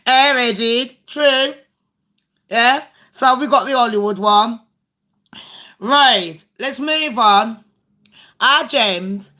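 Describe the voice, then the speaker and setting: Slow-talking blunt woman streamer. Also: on the high side, pushed and bright. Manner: blunt and foul-mouthed, chatty. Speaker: livestream host. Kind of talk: casual chat game with live viewers.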